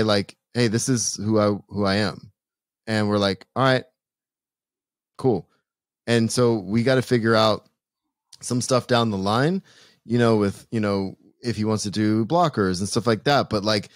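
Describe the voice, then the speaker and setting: A man co-hosting a podcast, talking earnestly in a halting way with many restarts. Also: mid-range voice, no echo, studio quality. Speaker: podcast co-host. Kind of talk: casual podcast chat.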